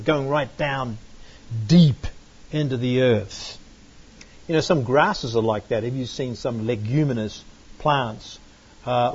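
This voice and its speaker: A man's voice: mid-range voice, darkish tone, breathy edge. A man giving a Bible lesson, stressing words and checking in with "right?" and "okay?" as he goes. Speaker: Bible teacher. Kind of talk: classroom-style lecture with slides. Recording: muffled lo-fi recording.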